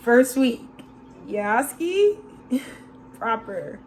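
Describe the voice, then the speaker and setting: Woman doing a chill tarot reading, kinda high voice, says bro a lot, laughs, swears. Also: big pitch swings, drawn-out words, a little mellow, slight background noise. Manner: slangy and loose, calls listeners bro, swears, laughs often. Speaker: tarot reader. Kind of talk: casual channeled tarot reading.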